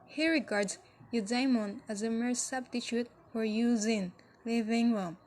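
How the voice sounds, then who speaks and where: A woman's voice: a little high, a little slow, a little mellow, a little hiss or hum. A woman presenting a school lesson, reading scripted text, with section headings said with a lift. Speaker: student presenter.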